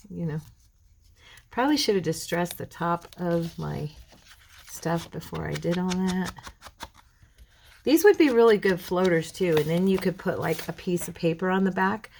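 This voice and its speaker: A middle-aged woman hosting a crafting video at home, chatting casually and rambling between tasks, clearing a frog in her throat. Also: lowish voice, a little mellow, a little hiss or hum, low-quality recording. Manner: rambling, chatty, addresses viewers as girls. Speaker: craft channel host.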